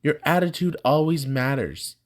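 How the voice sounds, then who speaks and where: A woman's voice: low voice, moderate pace, darkish tone, voice pushed up, lightly acted. A man voicing a young woman student who earnestly urges her angry friend to open up. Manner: pleading, earnest.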